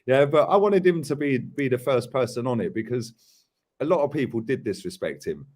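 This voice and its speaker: A man's voice: mid-range voice, expressive, fairly quick, a little mellow. A man hosting a casual podcast chat who tells stories animatedly, laughs often and uses many fillers. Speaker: host.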